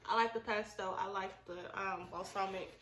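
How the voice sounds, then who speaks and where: A woman's voice: mid-range voice, steady tone, normal speed, fairly bright tone. A young woman hosting a casual chat in a laid-back, slangy way, sometimes breaking into giggles. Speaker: vlogger host. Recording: roomy echo, mic at a distance, faint noise.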